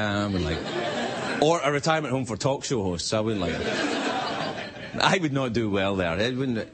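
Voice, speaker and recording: A Scottish man hosting a late-night talk show, delivering a rambling, self-mocking stand-up monologue. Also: mid-range voice. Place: television studio with live audience. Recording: studio audience laughter and noise.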